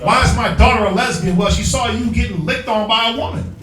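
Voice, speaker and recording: A man teaching from the Bible in an emphatic, slangy street style, prodding his reader with quick call-and-response. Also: very high-pitched. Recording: echoey room, distant mic, faint music.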